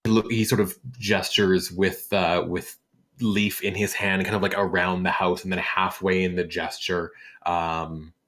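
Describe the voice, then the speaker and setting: A man narrating a tabletop game as game master, in a relaxed way full of fillers. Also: sits low, measured pace.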